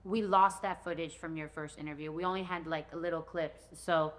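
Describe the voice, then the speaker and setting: A woman who is a staff member, speaking softly and affectionately in casual off-camera remarks. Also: sits low, fairly even intonation, normal speed. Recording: quiet, off-mic voice with faint background noise.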